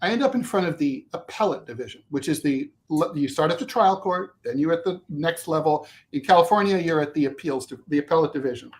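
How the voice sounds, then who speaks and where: A man spins a long story in relaxed conversation, his voice jumping up and down in pitch as he gets worked up. He swears freely and breaks off mid-sentence to add asides and corrections. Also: a little fast, few pauses. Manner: animated, swearing, restarts and asides. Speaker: co-host. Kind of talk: casual storytelling chat.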